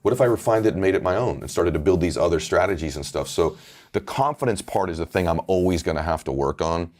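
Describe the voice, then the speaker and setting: A middle-aged man with an extremely low, deep voice talks candidly in an interview. He tells a personal story in an earnest, heartfelt way and at times gets emotional. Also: lively intonation, quick pace, a little mellow. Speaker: podcast host and author.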